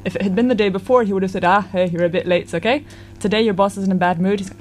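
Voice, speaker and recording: A woman's voice: medium pitch, rapid-fire. A woman in casual conversation who tells stories animatedly, acting out the people she quotes. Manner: animated, acts out quoted voices. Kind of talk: casual storytelling chat.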